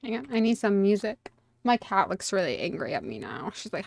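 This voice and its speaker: A woman's voice: mid-range voice, very animated, brisk, gravelly, no room sound. A woman game streamer chatting casually and self-mockingly while playing, talking to the characters on screen. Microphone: desk USB microphone.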